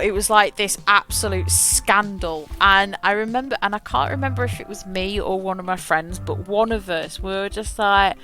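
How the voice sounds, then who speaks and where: A young woman streaming a game, telling a long school memory in a rambling, animated way with frequent laughs and self-corrections. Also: mid-range voice, normal speed, few pauses, soft background music. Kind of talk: casual storytelling while gaming.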